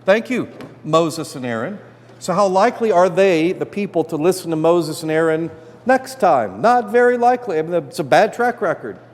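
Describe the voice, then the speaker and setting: A man teaching a Bible class as priest, animated and acting out the characters' complaints. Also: high voice, fairly quick. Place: church hall. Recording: long hall reverb.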